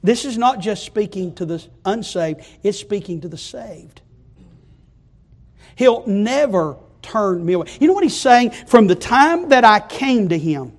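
Male preacher, high-pitched, fervent sermon delivery. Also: expressive, normal speed. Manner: fervent, rising to loud repeated climaxes.

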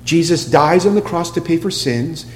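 A man preaching a sermon in an emphatic way, asking rhetorical questions and dropping to a soft hush for quoted lines. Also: a little high, expressive, moderate pace. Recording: long hall reverb with faint hum.

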